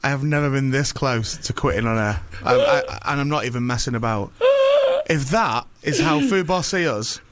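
A man's voice: medium pitch, lively intonation, moderate pace, very noisy. A man co-hosting a radio show, laughing in disbelief, exasperated and swearing. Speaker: radio co-host. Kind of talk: casual radio banter.

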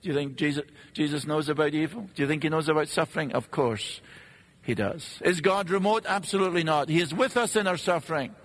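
A man preaching a sermon in an earnest, measured way, posing rhetorical questions and pausing for effect. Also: a little high, a bit bright. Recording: long reverb of a large hall.

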